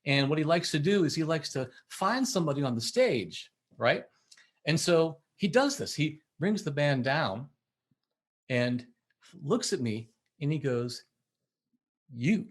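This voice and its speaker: A middle-aged man, a musician and podcast guest, telling a story in a lively way and acting out the voices he quotes. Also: on the high side, measured pace. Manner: acts out quoted voices, laughs while telling. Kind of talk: animated storytelling in conversation.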